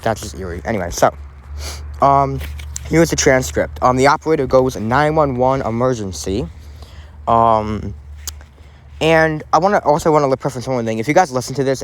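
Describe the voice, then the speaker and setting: A man of ordinary pitch hosts a laid-back true crime podcast. He talks loosely, doubling back on himself and padding sentences with "um" and "like" as he goes. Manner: rambling, many fillers and restarts. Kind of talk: casual true crime chat.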